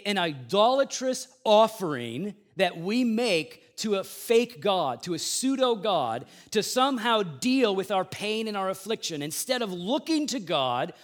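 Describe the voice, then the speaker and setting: A man preaching a sermon in a conversational way, moving between loud emphasis and quiet asides. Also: high voice. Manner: plays out the grumbling people in a raised voice. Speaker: pastor.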